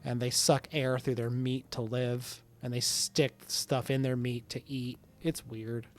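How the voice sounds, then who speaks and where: A man's voice: mid-range voice, flat delivery, measured pace, soft background music. A man co-hosting a casual gameplay chat, joking around and slipping into mock-dramatic lines. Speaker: gaming channel co-host.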